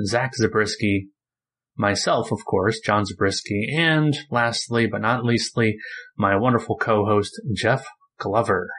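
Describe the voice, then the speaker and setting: A man hosting a podcast, chatting in a relaxed, rambling way with plenty of fillers. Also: lowish voice. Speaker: podcast host. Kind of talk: casual chat.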